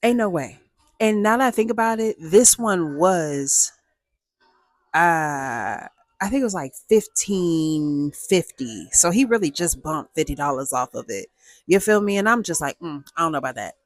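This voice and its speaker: A woman hosting a casual storytime vlog, talking in a playful, animated way and acting out dialogue with big jumps in her voice. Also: on the low side, a little slow, dry recording. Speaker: storyteller host.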